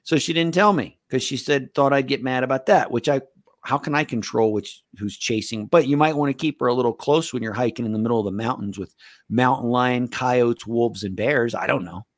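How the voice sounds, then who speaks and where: A man's voice: medium pitch, brisk, no room sound, clean studio sound. A middle-aged man co-hosting a sports betting podcast, talking in a blunt, rambling way and swearing freely. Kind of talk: casual chat.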